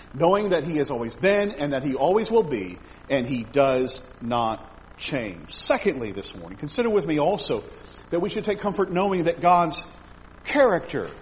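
Man, middle-aged, sermon, emphatic delivery, slightly higher voice, faint hiss behind. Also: poor audio. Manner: emphatic, swells loud on key phrases, repeats words. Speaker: preacher.

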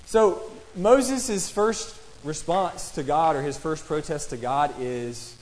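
In a large hall with long reverb, a man with a slow, somewhat high voice preaches a sermon and reads scripture. He keeps it conversational and puts questions to his listeners.

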